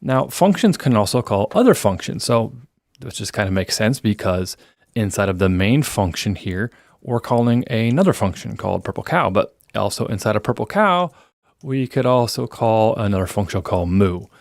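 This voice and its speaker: Male coding instructor, lowish voice, dry close mic, relaxed step-by-step explaining. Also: moderate pace, dry recording. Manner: relaxed explaining, thinking aloud while typing code. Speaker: programming instructor. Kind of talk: screen-recorded coding tutorial.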